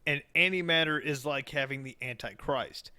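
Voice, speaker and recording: A man's voice: a little high, moderate pace, sharp tone. A man with a Southern American accent, co-hosting a casual podcast chat, crude and joking. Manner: crude, joking, slips into mock voices. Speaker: podcast co-host.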